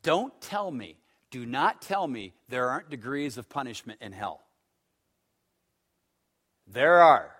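A man preaching a sermon, telling stories and swinging between loud emphatic stretches and hushed ones. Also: mid-range voice, lively intonation, takes it slowly, pauses often, slightly rough. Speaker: pastor.

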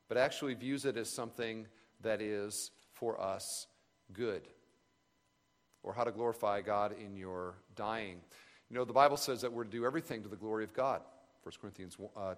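A man giving an earnest, reflective sermon at a camp retreat, pausing and restarting as he speaks. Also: on the low side. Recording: long reverb of a large hall.

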